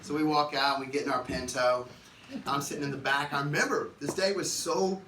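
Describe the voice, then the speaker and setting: A man tells a story on a venue stage in an animated, profane way and acts out the people in it. He has a mid-pitched voice. It carries through a roomy hall and is picked up from a distance over clear background noise. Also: brisk. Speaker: musician telling a story on stage. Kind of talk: live storytelling. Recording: echoey live room from far off, noisy.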